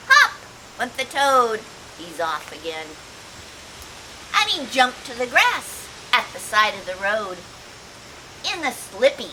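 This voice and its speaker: A woman's voice: on the high side, pushed and bright, slight background noise, rough recording. A woman volunteer reading a children's picture book aloud, playful, acting out sound effects and chatting to the young listeners between pages. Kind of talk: children's story read-aloud.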